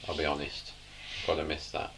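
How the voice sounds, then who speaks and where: A man's voice: rumbling low, monotone, brisk, creaky, crowd noise. A man from England with an East Midlands accent, chatting easily with his bandmates on a podcast. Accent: East Midlands English. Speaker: band member co-hosting a podcast. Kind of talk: casual banter among bandmates.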